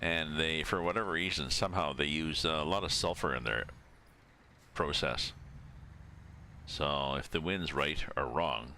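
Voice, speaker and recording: A very low, gravelly older man from Canada talks casually while he plays a driving game on stream. He rambles and thinks out loud in an easygoing way, and his voice has a bright, forward edge. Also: measured pace, long pauses, a little hiss or hum. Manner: rambling, chatty, thinking aloud. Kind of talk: casual chat while playing.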